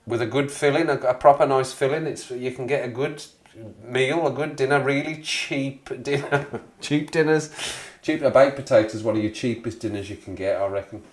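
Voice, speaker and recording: A man in his forties hosts a relaxed live stream, chatting and rambling as he greets viewers by name. His pitch sits right in the middle, and he laughs easily. The room around him has a noticeable echo. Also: normal speed, hardly any pauses. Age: 40s. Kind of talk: casual live stream chat. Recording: echoey room.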